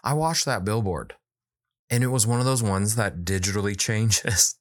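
This man, in his thirties and an author of children's books, chats casually while telling a story, animatedly voicing the quoted lines. His pitch is fairly low and his pace moderate. It's a studio-quality recording with no echo.

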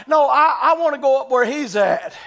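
A man voicing a young male eagle raised among chickens, shouting insistently that he must fly. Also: very high-pitched, animated, normal speed, creaky, voice pushed up, full character voice. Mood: defiant.

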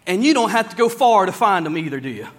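A man preaching a sermon in a church, plain-spoken and folksy, slowing down whenever he reads scripture aloud. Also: sits high, sing-song.

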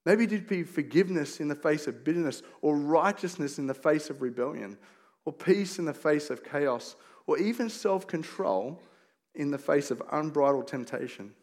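A man's voice: fairly high pitch, expressive, normal speed, darkish tone. A middle-aged man preaching a sermon as a pastor, in a conversational, storytelling way with rhetorical questions and casual asides.

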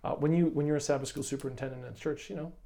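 A man with a warm, mellow voice co-hosts a casual Bible lesson talk. He tells his stories with enthusiasm, stumbling and restarting as he goes. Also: a little high, steady tone, very fast. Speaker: co-host of a Bible lesson commentary. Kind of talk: casual religious discussion.

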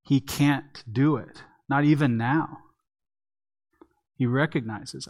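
A man's voice: mid-range voice, takes it slowly, pauses often, a little mellow. A man preaching an earnest expository sermon, leaning on emphatic repeats. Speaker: pastor.

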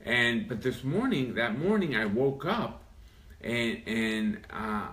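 A man in the middle pitch range, sharing his testimony as an evangelist guest in a halting way, often repeating words. He sits away from the mic in an echoey room, so his voice sounds distant and roomy. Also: lively intonation, a bit bright. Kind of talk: personal testimony.

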